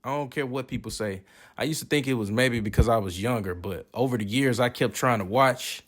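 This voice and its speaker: A man's voice: medium pitch, a little fast. A man giving casual, joking and profane commentary while reviewing movies. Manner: profane, joking, animated reactions.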